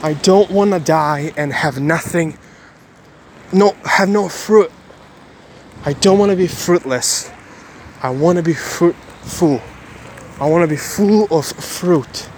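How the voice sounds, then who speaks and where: A man's voice: a little high, slow, a little hiss or hum. A man talking through his day in a casual vlog, rambling and correcting himself, earnest about his faith. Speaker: Christian vlogger.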